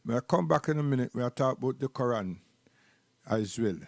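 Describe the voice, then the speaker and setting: A man's voice: medium pitch, lively intonation, fairly quick, creaky, a little mellow, no room sound, clean studio sound. A man with a Jamaican accent giving rambling, preachy live-stream commentary and repeating words while he searches for the next one.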